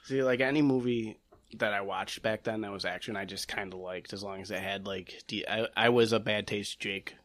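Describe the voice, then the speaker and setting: A man's voice: lowish voice, steady tone, normal speed, fairly bright tone, dry recording. A man in casual chat, laid-back and mostly giving short agreeing replies.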